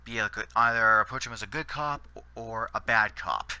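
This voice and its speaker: A man's voice: fairly low pitch, fairly quick, sharp tone, clear, resonant tone, no echo. A Canadian man giving rambling gameplay commentary, full of fillers and restarts. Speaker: gaming channel host.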